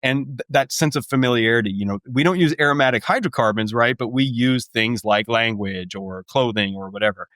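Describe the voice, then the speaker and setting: A man's voice: medium pitch, fairly bright tone, no echo. Man explaining science, dry sound. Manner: explains in a measured, lecturing way. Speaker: author and guest. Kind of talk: explanatory interview talk.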